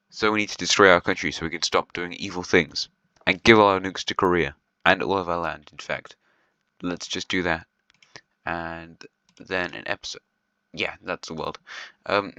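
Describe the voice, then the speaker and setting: In a deep, sharp-toned voice, a man offers casual, rambling commentary on a video series, chatty and half-joking with short laughs. He uses lots of ums and restarts, and the low-quality recording has no echo.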